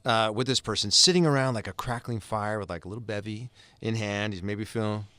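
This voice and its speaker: A man co-hosting a podcast, chatting casually and telling expressive, animated stories. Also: fairly low pitch, brisk, clear, resonant tone, no echo. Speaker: podcast co-host. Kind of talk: casual chat.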